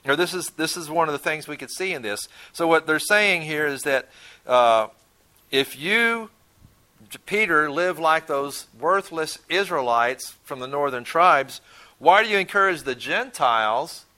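A man's voice: on the high side, lively intonation, unhurried, pushed and bright. A man teaching a Bible study in a conversational way, often repeating words as he thinks and asking his listeners questions.

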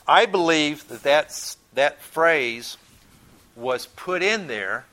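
Bright-voiced man teaching Bible study. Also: fairly high pitch, lively intonation, slow. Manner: conversational, repeats words while thinking; asks the listeners questions.

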